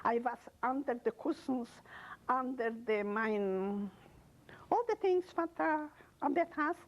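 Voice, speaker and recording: An older woman from Poland giving an oral history testimony, speaking in halting, emotional English with broken non-native grammar. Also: a little high, dull audio. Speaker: interviewee.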